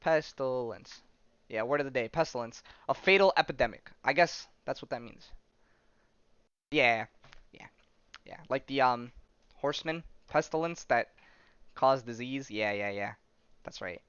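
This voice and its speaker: A man's voice: mid-range voice, normal speed, pauses often, fairly bright tone, clear, resonant tone, no room sound. A man hosting a podcast, casually retelling comic stories, rambling with many fillers and restarts and the odd swear word. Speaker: podcast host. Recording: dull lo-fi sound.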